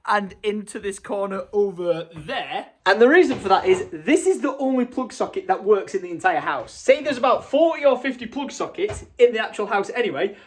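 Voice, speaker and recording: A man, chatting excitedly to camera while working outdoors in his garden. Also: high voice, fairly quick, a little hiss or hum. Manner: excitable, animated. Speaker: vlogger. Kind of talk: casual vlog narration.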